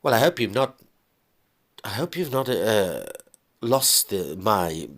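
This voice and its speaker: A shrewd divorced businesswoman, cool and unbothered, teasing dryly, as a man telling a story puts her on. Her voice sits a little above his own deep narrating voice. It is a spoken storybook reading. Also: big pitch swings, takes it slowly, a bit bright, heavily acted. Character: calm, shrewd divorced businesswoman, coolly mocking.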